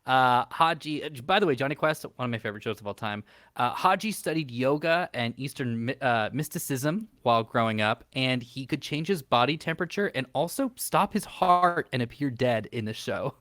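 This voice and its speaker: A man's voice: medium pitch, animated, fairly quick, fairly bright tone, dry recording. Upbeat, fact-listing comedy podcast man. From United States. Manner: upbeat, lists facts with fillers and dry jokes. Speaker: podcast co-host. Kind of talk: casual comedy podcast chat.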